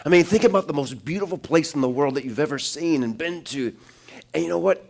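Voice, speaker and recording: A man preaching in a church, telling a personal story in a relaxed, conversational way with restarts, then building to loud, emphatic preaching. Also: a little high, brisk, gravelly. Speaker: pastor. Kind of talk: sermon.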